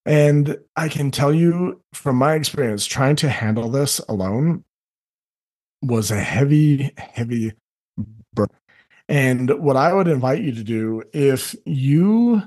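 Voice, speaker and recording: A middle-aged man who works as a life coach, talking earnestly on a podcast and often acting out other people in quick asides. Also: mid-range voice, darkish tone. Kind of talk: candid podcast conversation.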